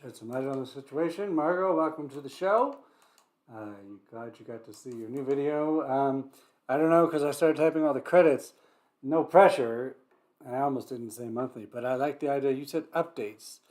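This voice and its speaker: A man's voice: mid-range voice, moderate pace, a little mellow. A man hosting a livestream, chatting loosely and joking, greeting viewers by name and often trailing off mid-thought. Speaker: livestream host. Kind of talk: rambling casual livestream chat.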